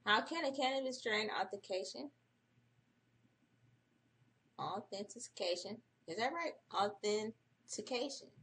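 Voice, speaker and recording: A woman's voice: high-pitched, expressive, fast, few pauses, bright, forceful tone. A woman hosting a casual early-morning livestream, profane and chatty, reading an article aloud and breaking off for her own asides. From United States. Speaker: livestream host.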